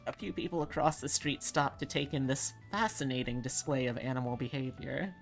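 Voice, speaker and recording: A woman's voice: extremely low pitch, a little fast, creaky, hardly any pauses, faint music behind. A woman VTuber reading visual novel narration aloud on a live stream, breaking off to comment.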